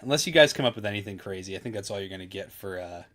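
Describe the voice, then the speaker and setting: A man's voice: low-pitched, lively intonation, rapid-fire, a bit bright. Laid-back chatty male streamer. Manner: laid-back, chatty, full of fillers like "dude". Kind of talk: casual live-stream chat.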